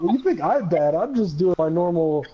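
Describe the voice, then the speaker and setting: A young man on a gaming stream jokes around with his friends, hurling profane mock anger at them. He has a high, sing-song voice at normal speed, and the recording is dull and lo-fi with crowd noise.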